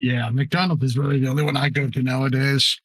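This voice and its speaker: A man's voice: mid-range voice, level tone, brisk, fairly bright tone, husky. A man chatting on a podcast, grumbling and complaining with some swearing. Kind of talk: casual chat.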